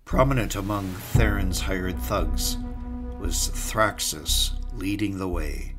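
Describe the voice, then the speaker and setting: Man, audiobook narration, very low voice, slow deliberate pace. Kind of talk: first-person audiobook narration. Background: music.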